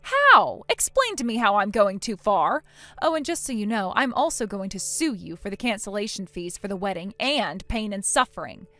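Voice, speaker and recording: A woman's voice: medium pitch, animated, brisk, a bit bright, no room sound, lightly acted. A woman voicing a furious, injured young bride who speaks in a cold, scornful and firm way. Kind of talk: text-message story voice acting.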